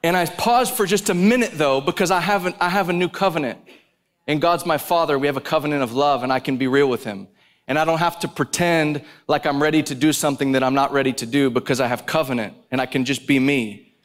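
A male preacher delivers a sermon at a live conference in an intense, animated storytelling manner. His voice sits a little higher than most men's. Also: quick pace.

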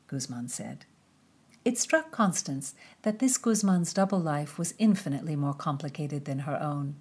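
A woman narrating a historical novel in an expressive, measured reading. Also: deep voice, slightly rough. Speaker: audiobook narrator. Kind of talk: scripted narration.

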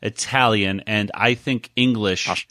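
A man hosts a podcast and rambles along in casual chat, full of fillers and little chuckles. His voice is on the low side and sounds dry and close to the mic. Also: steady tone, takes it slowly, sharp tone, no room sound. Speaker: podcast host.

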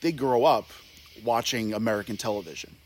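A man's voice: medium pitch, fairly quick. A man on a movie review podcast panel, explaining his points at length with restarts. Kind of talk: casual movie review chat.

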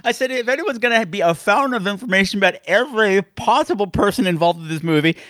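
A man's voice: high voice, lively intonation, fast talker, a bit bright, dry recording, clean studio sound. A man hosting a podcast with a theatrical, campy showman delivery. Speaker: podcast host.

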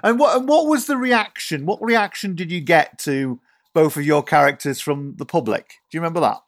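A man's voice: on the high side, expressive, normal speed, no echo, studio quality. A man from Yorkshire interviewing guests with friendly, prompting questions. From Yorkshire, England.

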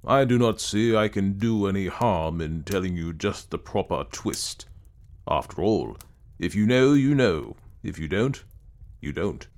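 A man's voice: low-pitched, lively intonation, darkish tone. A man doing a musing pipe smoker. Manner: measured, musing. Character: cautious reflective older gentleman, pipe smoker.

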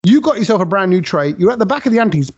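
A man's voice: sits high, very animated, very fast, breathy edge. A man hosting a casual chat, animatedly explaining things through acted-out analogies. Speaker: podcast host. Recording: dull lo-fi sound.

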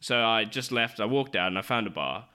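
A man's voice: fairly low pitch, lively intonation, a little fast, sharp tone, clear, resonant tone. A young man co-hosting a podcast, telling a story in casual chat and acting out both sides of the conversation. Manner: laughing anecdote teller, acts out both sides of a conversation. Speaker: podcast co-host.

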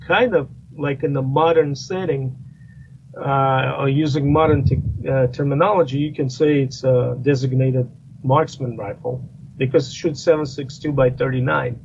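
A man's voice: on the high side, fairly even intonation, unhurried, creaky, a little mellow. Male guest expert, rambling conversational delivery full of fillers, muffled remote audio with light hiss. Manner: rambling, with many fillers and restarts. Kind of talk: casual podcast discussion. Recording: slightly muffled line with faint noise.

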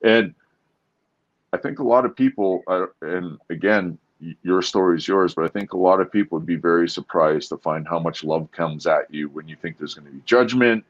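A podcast guest with a very deep voice speaks openly in an interview, sincere but halting. He stumbles and starts over while hunting for the right words, and the audio sounds slightly muffled and lo-fi.

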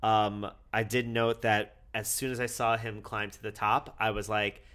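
A man's voice: on the low side, flat delivery, a little slow, a bit bright. A man co-hosting a casual podcast chat, talking animatedly with many fillers. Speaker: podcast co-host.

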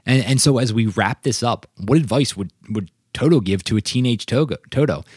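A man's voice: mid-range voice, a little fast, breathy edge, no echo, clean studio sound. A young man hosting a solo podcast, talking earnestly and often checking in with "right?" and "like". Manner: earnest, keeps asking "right?" and "like". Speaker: podcast host.

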